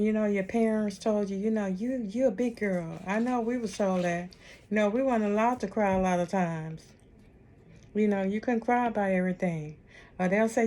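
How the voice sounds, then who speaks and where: A woman hosting an online ministry talk, speaking in a casual, heartfelt and reassuring way, repeating her comforting points often. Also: mid-range voice. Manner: warm, repetitive, reassuring.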